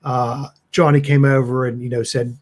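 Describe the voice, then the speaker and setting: A man with a husky, breathy voice plays a tabletop horror game. He describes what his character does hesitantly, stopping often with ums and you-knows as he thinks it through. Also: mid-range voice, little pitch movement, moderate pace. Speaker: player.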